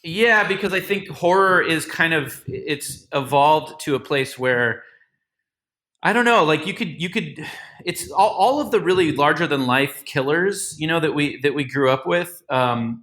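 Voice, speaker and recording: A man talks loosely and profanely, stumbling through restarts as he works out his thoughts. His voice is bright and forceful and sits a little high. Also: normal speed. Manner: rambling, profane, many restarts. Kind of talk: casual chat.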